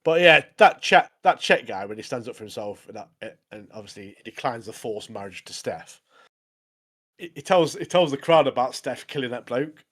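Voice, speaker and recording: A man trading casual jokes as a podcast co-host. His pitch swoops widely as he talks, and he laughs at his own stories. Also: lively intonation, normal speed, fairly bright tone. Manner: jokey, says "mate" constantly, laughs a lot. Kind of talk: casual chat.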